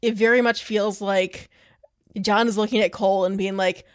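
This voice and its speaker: A woman co-hosting a podcast, chatting casually and laying out ideas quickly. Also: mid-range voice, fairly even intonation. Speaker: podcast co-host. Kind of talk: casual chat.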